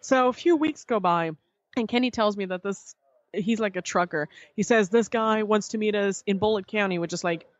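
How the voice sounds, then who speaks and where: Woman, podcast guest, animated storyteller, swears freely, dull lo-fi sound, dry close mic. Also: medium pitch, normal speed, dry recording. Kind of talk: casual storytelling chat.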